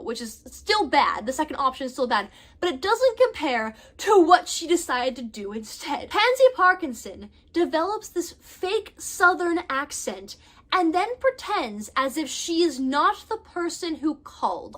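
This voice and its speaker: A young adult woman telling a personal story in a storytime vlog, animated and dramatic in her retelling. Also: high-pitched, moderate pace. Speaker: storytime vlogger.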